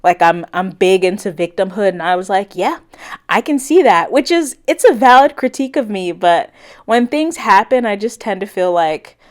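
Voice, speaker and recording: A woman's voice: mid-range voice, moderate pace. Chatty woman telling a storytime. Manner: animated storytelling, acts out quoted people. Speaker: cleaning vlogger. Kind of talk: chatty storytime while cleaning.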